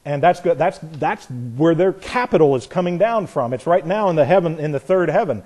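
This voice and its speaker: A man preaching a verse-by-verse Bible sermon, animated, acting out the voices in the stories and chuckling at his own points. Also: a little high, normal speed, few pauses.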